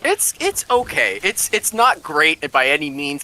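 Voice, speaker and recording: Giggly male co-host with a high, animated voice. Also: measured pace. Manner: giggly, laughs often. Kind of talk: casual chat.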